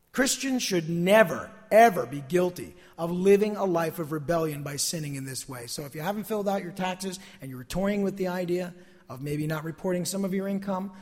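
High-voiced tired pastor preaching. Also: male voice, husky, long reverb tail. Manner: emphatic preaching, repeats key phrases. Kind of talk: sermon.

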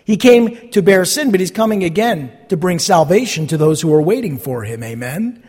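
A male pastor preaches a sermon at normal speed in a high, husky, animated voice that swoops up and down. He leans on and repeats key phrases and puts questions to listeners, while a large hall's long reverb trails behind him.

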